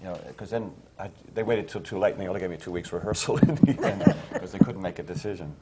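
A man's voice: sits low, fast talker, very noisy. A man on a panel, telling a casual story about auditions in a rambling way, full of restarts and fillers. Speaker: stage actor on a panel.

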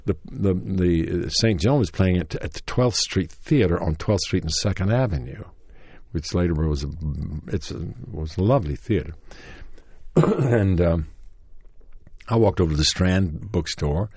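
An older man with a Tennessee accent tells a long, rambling story about his early acting days in an interview, restarting often and chuckling. He acts out quoted lines in a livelier voice. His low, slightly mellow, husky voice is animated and measured, with no echo.

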